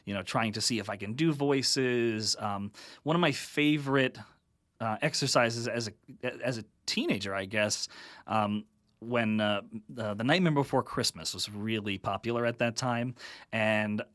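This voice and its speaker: A man's voice: medium pitch, unhurried, a bit bright, dry recording, clean studio sound. A man chatting casually and playfully as a podcast guest. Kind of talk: casual chat.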